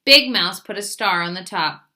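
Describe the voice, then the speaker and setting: A woman librarian reads a children's story aloud, bringing it to life with expressive storytelling. Her voice sits at a medium pitch and moves at a normal speed.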